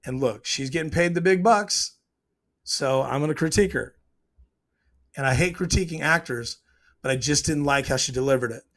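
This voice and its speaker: A man with a slightly higher-pitched voice gives a casual commentary on a TV scene. He is opinionated and walks through the scene step by step, slipping into the characters' quoted lines along the way. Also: normal speed, long pauses, a bit bright. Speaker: TV show reviewer.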